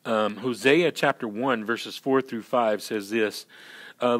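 Animated, chatty male pastor preaching. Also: medium pitch, takes it slowly. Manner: animated, acts out scenes in character voices; conversational, peppered with "you know" and "right". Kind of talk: sermon.

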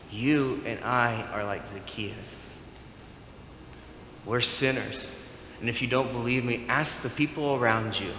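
A man preaching a sermon as pastor, animated and playful, acting out bits of dialogue. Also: medium pitch, unhurried, slight background noise. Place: church sanctuary. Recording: echoey hall with faint room ambience.

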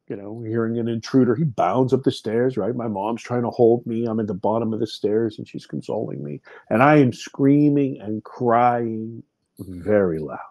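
Male guest in his fifties, husky mellow voice, dry close sound, animated storyteller. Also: medium pitch, no room sound. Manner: vivid, animated retelling with many restarts. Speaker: podcast guest. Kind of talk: personal storytelling in an interview.

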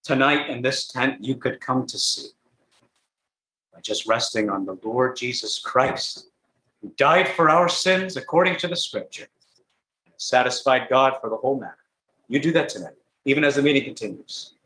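A man's voice: medium pitch, lively intonation, moderate pace. Dramatic preacher man, echoey tent. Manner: dramatic storytelling, wide swings in loudness. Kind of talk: gospel tent sermon. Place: large tent meeting.

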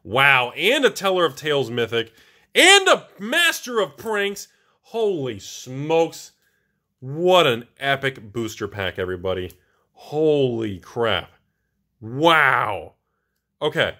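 A man hosting his own channel, opening booster packs and reacting with excited exclamations. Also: mid-range voice, slow pace. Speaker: host of a card-collecting channel. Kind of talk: casual booster box opening.

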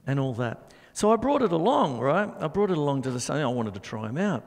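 A man's voice: fairly high pitch, big pitch swings, fast, in a large hall. A middle-aged man hosting a live drum show, chatting in a rambling way and scatting drum rhythms. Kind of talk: casual live-stream chat and drum demonstration.

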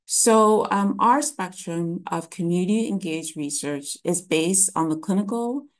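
In a webinar, a woman presents an academic lecture, explaining ideas in a measured way with frequent ums and restarts. Her voice is on the low side.

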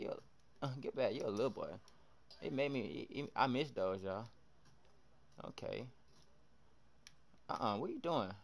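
Animated young male game streamer. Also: medium pitch. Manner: animated trash talk, reacting loudly to plays. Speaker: livestreamer. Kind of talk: live gameplay commentary.

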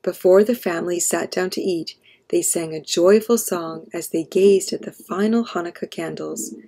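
Woman reading a kids story aloud, gentle, dark husky voice. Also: on the low side, normal speed. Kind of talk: children's read-aloud.

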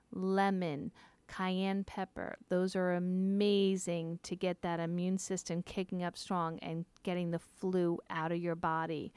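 Brisk, enthusiastic woman radio host. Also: on the low side, a little mellow, clean tone, no room sound. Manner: brisk, enthusiastic, many ums. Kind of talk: casual radio health talk.

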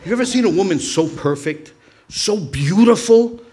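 A man's voice: high-pitched, expressive, moderate pace, warm tone. A man from New York doing stand-up, telling rambling, profane stories full of restarts. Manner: profane, rambling, self-interrupting. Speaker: stand-up comedian. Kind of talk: stand-up storytelling.

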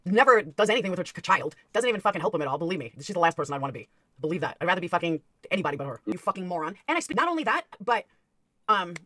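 A woman's voice: medium pitch, fairly bright tone. A woman in her thirties or forties ranting angrily on her livestream, swearing constantly. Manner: profane, heated, constant swearing. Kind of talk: angry livestream rant.

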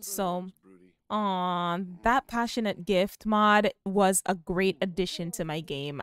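A young woman giving excited, gushing commentary while playing a life-sim video game. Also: medium pitch, smooth. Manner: excitable, gushing, squeals with delight. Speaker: gaming video host. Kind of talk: casual gameplay commentary.

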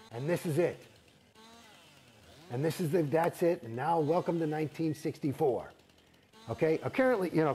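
A man's voice: on the high side, darkish tone, a little hiss or hum. A middle-aged man, a guest in an interview, telling a story in an emphatic, rambling and heavily profane way. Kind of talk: candid storytelling.

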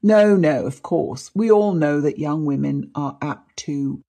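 A woman's voice: low-pitched, measured pace, gravelly, mellow, heavily acted. A woman reading aloud, voicing a police inspector who questions people firmly. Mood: probing. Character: brisk, probing male police inspector.

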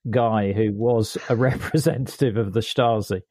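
A man hosting a history podcast interview, speaking in an appreciative, slightly halting way. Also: lowish voice, fairly even intonation, darkish tone, no room sound, studio quality. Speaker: podcast host.

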